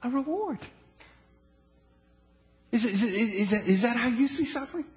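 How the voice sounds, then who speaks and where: A high-pitched male pastor delivers an animated sermon, repeating himself and checking in with the congregation. His voice rings out with a long reverb tail across a church hall. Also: quick pace, faint music behind. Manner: animated, asks the audience "okay?" often; repeats and restarts phrases.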